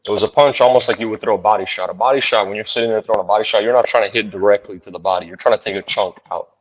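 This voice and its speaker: Man, fighter, interview guest, rapid talker, blunt, profane, dull recording. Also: lowish voice. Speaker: bare knuckle fighter being interviewed. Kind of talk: casual storytelling interview.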